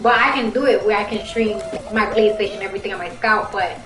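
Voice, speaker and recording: A woman's voice: medium pitch, quick pace. A young woman from the Bronx with a heavy Bronx Puerto Rican accent, who grew up speaking Spanish, chatting casually with viewers on a live stream. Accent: Bronx Puerto Rican New York. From Bronx, New York. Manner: chatty, rambling, talks straight to viewers. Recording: echoey room with music behind.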